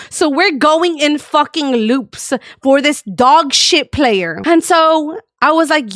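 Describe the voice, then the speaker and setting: A woman telling an animated storytime rant to her community, acting out people in mocking voices and swearing freely. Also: high voice, slow, hardly any pauses, no echo, studio quality. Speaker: streamer and community owner.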